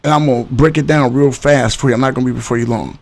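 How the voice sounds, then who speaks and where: A man's voice: mid-range voice, steady tone, fast. A man hosting a livestream podcast, talking casually and loosely to his audience, repeating himself and hyping up viewers. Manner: loose and rambling, repeats words, hypes up the audience. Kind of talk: casual talk to a live stream audience.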